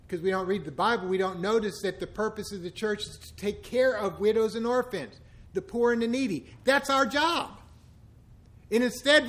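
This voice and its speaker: A middle-aged pastor with a notably high voice delivers a sermon. He keeps a casual, conversational tone but pushes into emphatic, impassioned stretches.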